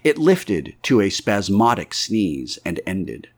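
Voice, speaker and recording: Here a lowish-voiced man narrates a classic novel as an audiobook reader, with steady, expressive delivery.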